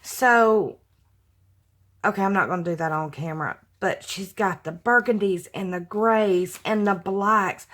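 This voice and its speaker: Here a crafting vlogger, a middle-aged woman, unboxes fan mail in a relaxed chat with her audience, her medium-pitched voice fairly bright and lively in intonation, pacing a little slow. She is gushing and effusive, letting out emotional sighs, while packaging and paper crinkle behind her.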